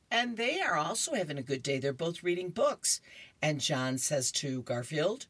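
A woman radio reader with a low, husky voice who walks slowly through the comics page. She chats between panels in a close, dry sound. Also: fairly bright tone, no echo. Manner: chatty, laughing asides between panels. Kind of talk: reading newspaper comics on the radio.

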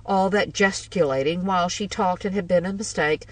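A woman narrating a first-person ghost story in a measured, wry way. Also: fairly low pitch, far from the mic, poor audio.

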